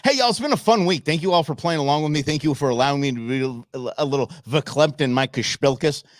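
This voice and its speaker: A man hosting a live show, commenting on videos in an animated, joking way. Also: fairly high pitch, fast, no echo, studio quality. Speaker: host.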